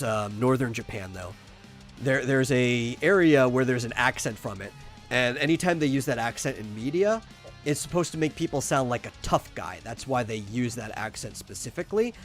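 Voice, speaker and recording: A man co-hosting a casual podcast chat who rambles and restarts his sentences, repeating words as he goes. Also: medium pitch. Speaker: podcast co-host.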